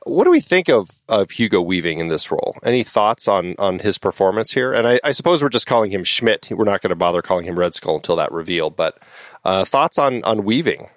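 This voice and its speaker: A man's voice: lowish voice, sing-song, a little fast, dry recording, clean studio sound. A man hosting a casual podcast film discussion, asking questions and steering the talk. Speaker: podcast host.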